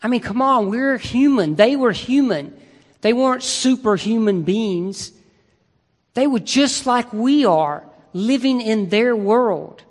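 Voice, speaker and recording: Slow, emphatic preacher in a reverberant hall. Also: male voice, high-pitched. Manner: conversational and emphatic, with rhetorical questions. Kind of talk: sermon. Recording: long reverb in a large hall.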